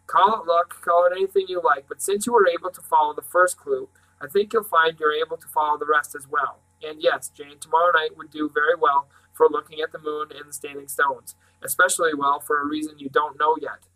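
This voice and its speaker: A man's voice: fairly high pitch, fairly even intonation, a little fast, pushed and bright, low-quality recording. A man reading aloud and voicing a firm, curt old great-uncle professor.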